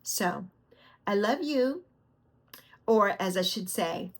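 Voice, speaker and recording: A woman's voice: medium pitch, expressive, slow. Chatty middle-aged New York woman. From the Bronx, New York. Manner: chatty, rambling, affectionate. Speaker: vlog host. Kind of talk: casual chat. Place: lying back on her bed at home.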